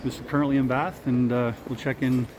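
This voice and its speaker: A Canadian man talks through a casual travel vlog at an everyday pitch, rambling along with plenty of ums and uhs. He records outdoors and from a car, with street and traffic noise clearly audible behind him. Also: little pitch movement, brisk. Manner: chatty, rambling, with frequent fillers. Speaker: travel vlogger.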